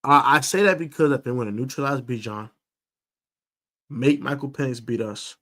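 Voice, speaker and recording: A man's voice: medium pitch, normal speed. A man hosting a live stream football preview, talking emphatically, repeating himself for stress and using fillers. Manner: emphatic, animated sports talk with fillers and repeats. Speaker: sports podcast host.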